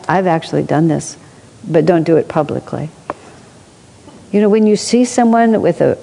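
A woman telling stories in a reflective spiritual discussion, thoughtful, with asides and soft laughs. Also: lowish voice. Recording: long hall reverb.

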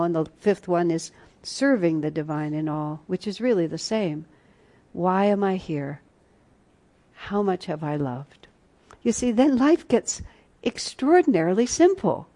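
A woman leads a spiritual retreat class, her voice low and mellow. She tells personal stories earnestly and reflectively, with soft asides to her listeners.

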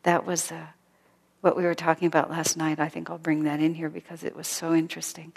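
Woman, spiritual teacher, reflective class talk, gentle, slightly low voice, fades into whispers. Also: monotone, brisk, vocal fry, big-room sound. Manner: gentle, often drops to a soft whisper.

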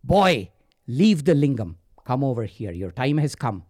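A husky-voiced man voicing a harsh, imperious male god of death in a told story. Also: medium pitch, sing-song, unhurried, a little mellow, no room sound, studio quality. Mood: commanding. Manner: imperious, mocking.

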